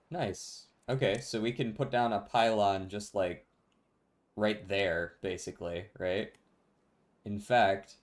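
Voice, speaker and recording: Man, low voice, casual gameplay commentary, laid-back, chatting with viewers. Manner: relaxed, talking to chat, laughs often. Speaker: streamer.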